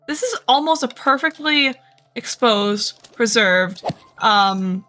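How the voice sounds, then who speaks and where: Tired woman streamer rambling to herself while playing, bright voice, faint music behind. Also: fairly high pitch, expressive, slow pace. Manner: chatty, rambling, self-talking. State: tired, short on sleep. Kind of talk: casual gameplay commentary.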